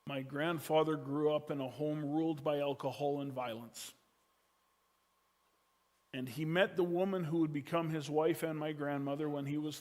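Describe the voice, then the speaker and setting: A pastor with a slightly high voice preaches a sermon, shifting from loud emphasis to hushed, quiet lines while telling a family story.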